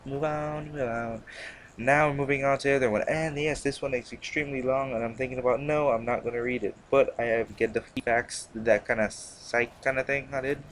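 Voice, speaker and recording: A man's voice: medium pitch, fairly even intonation, brisk, hardly any pauses, a little hiss or hum. A young man hosting a gaming channel, rambling in casual, slangy commentary full of fillers and restarts. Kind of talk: casual commentary over gameplay.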